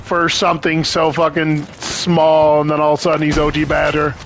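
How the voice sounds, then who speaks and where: A man's voice: on the high side, monotone, moderate pace, gravelly, fairly bright tone, a little hiss or hum. A young man chatting casually as he streams a game, rambling, swearing and laughing often. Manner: rambling, profane, laughs a lot. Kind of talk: casual chat while gaming.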